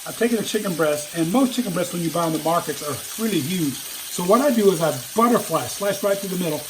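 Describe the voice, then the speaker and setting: An older man with a somewhat high voice talks cheerfully to viewers while cooking in his home kitchen. A sizzling pan crackles clearly behind his words. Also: expressive, fast. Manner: chatty and enthusiastic, talks straight to viewers. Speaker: home cooking show host. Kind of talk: casual cooking demonstration. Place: home kitchen, frying food. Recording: sizzling frying noise behind. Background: sizzling pan and kitchen sounds.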